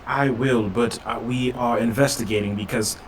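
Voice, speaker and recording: A man's voice: mid-range voice, fairly even intonation, moderate pace, low-quality recording. A man playing in a tabletop game who speaks in an earnest, placating way and laughs often. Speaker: player. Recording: background noise on the mic.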